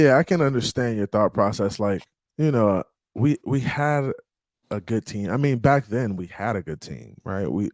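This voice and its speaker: A man's voice: lowish voice, a little mellow, no room sound. A man hosting a casual chat in an upbeat way, often repeating himself. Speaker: host.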